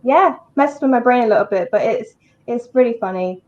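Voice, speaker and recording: A woman's voice: fairly high pitch, brisk, darkish tone, dull audio. A woman with a West Country English accent chatting casually on a livestream, laughing often. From England. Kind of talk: casual chat.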